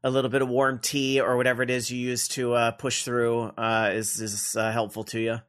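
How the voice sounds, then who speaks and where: A man hosting a gaming talk show, chatting casually in a relaxed, rambling way. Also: mid-range voice, brisk. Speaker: podcast host.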